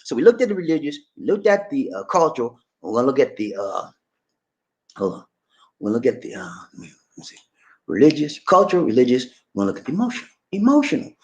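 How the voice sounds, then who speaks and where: A middle-aged American man hosting a casual talk, jokey and animated, often jumping into a high excited voice. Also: quick pace. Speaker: channel host.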